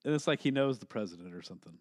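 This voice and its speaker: A man's voice: mid-range voice, lively intonation, rapid-fire, a little mellow, no echo, studio quality. A man co-hosting a casual movie review podcast, rambling and swearing freely, laughing as he talks. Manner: rambling, profane, laughs often. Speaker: podcast co-host.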